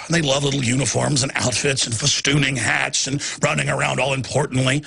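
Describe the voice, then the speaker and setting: A man's voice: mid-range voice, level tone, fairly quick, gravelly, pushed and bright, a little hiss or hum. A man hosting a talk show, ranting in emphatic, sarcastic political commentary with frequent restarts.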